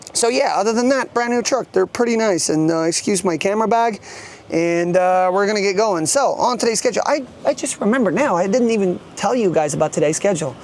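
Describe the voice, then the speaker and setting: A man's voice: sits high, darkish tone, slight background noise. A man vlogging as a truck driver, chatting loosely and rambling with lots of fillers, filmed on a handheld camera by his truck and in the cab. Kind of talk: casual vlog walkthrough. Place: outdoors beside a truck, then in the cab.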